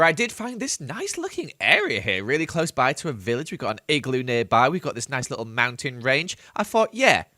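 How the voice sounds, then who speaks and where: A man's voice: medium pitch, pushed and bright. A man narrating his game footage in a playful, self-mocking voice-over, recorded while he has the hiccups. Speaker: Minecraft YouTuber.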